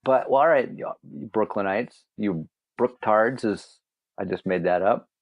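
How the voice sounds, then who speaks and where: A man's voice: fairly low pitch, measured pace, no room sound, narrow, tinny audio. A man co-hosting a casual podcast, joking around and laughing often with his friends. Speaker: podcast co-host. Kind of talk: casual banter among friends.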